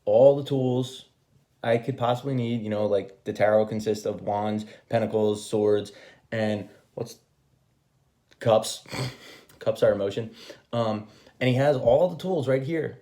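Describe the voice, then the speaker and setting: A man's voice: lowish voice, a little slow, pauses often, warm tone. A man giving a casual tarot reading, chatty and rambling, swearing freely and laughing at himself. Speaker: tarot reader.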